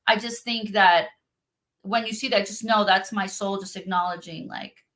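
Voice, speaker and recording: A woman's voice: medium pitch, fairly even intonation, moderate pace, fairly bright tone. A woman speaking earnestly and from the heart in a casual conversation, as a spiritual practitioner on a video call.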